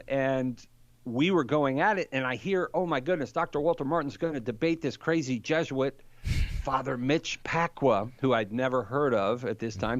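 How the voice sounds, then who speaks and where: Animated older man telling a story. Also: mid-range voice, no room sound, dull audio. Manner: animated storyteller, acts out quotes. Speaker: Catholic apologist guest. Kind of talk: casual conversation.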